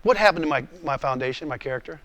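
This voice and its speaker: A man in his role as pastor teaching a class, earnest and animated, often stammering and repeating words. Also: a little high, very fast, no echo. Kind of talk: emotional teaching talk. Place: room with a class.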